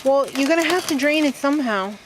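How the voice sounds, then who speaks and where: A woman's voice: high voice, expressive, fast talker. A woman chatting casually at home, laughing often and reacting with dramatic disgust. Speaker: vlog host. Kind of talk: casual chat. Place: home kitchen, then a yard outdoors. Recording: noisy home video.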